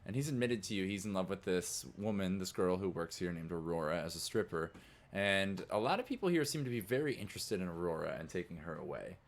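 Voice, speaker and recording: A man's voice: low-pitched, expressive, fairly quick. A man narrating as game master in a tabletop game, loose and casual.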